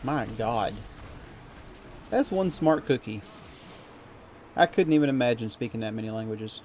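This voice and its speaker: A man's voice: mid-range voice, expressive, a little slow, long pauses, darkish tone, a little hiss or hum. A young man chatting casually on a game stream, rambling and swearing freely as he rants. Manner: profane, rambling, heats up when ranting. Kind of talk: casual live-stream chat while gaming.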